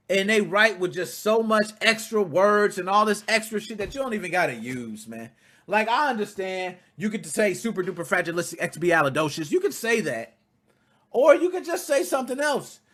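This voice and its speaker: Animated, high-voiced male podcast host. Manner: animated, swings from quiet asides to loud outbursts, swears freely. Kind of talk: casual commentary podcast.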